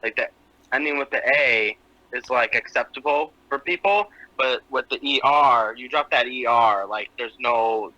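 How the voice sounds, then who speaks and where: A man's voice: medium pitch, a little slow, bright, forceful tone, no room sound, low-quality recording. A man in his twenties, co-hosting a podcast over a video call, joking crudely. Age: 20s. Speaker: podcast co-host. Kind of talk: casual chat.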